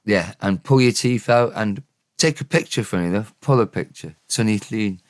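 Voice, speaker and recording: Man, Welsh accent, casual lesson, low voice, thinks aloud. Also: no room sound, studio quality. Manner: unhurried, thinking aloud, correcting himself. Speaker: Welsh language teacher. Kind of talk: casual spoken language lesson.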